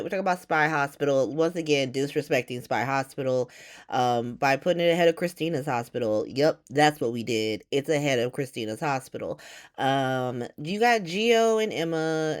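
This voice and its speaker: A woman with a low-pitched voice hosts a casual podcast recap. She talks bluntly and sarcastically, swears freely, and rambles through fillers. She keeps tossing out exasperated rhetorical questions. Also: normal speed. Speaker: podcast host recapping a soap opera.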